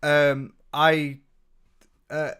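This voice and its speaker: This commentary YouTuber is a young British man whose slightly high voice barely moves in pitch; he talks very slowly, with a smooth, fairly bright tone. He reacts casually, bluntly and with swearing, mocking his subject while reading out viewer comments.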